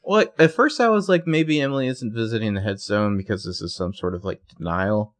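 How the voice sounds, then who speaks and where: A man's voice: on the low side, fairly quick. A man co-hosting a podcast, recapping a show in casual chat, swearing freely and laughing often. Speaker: podcast co-host.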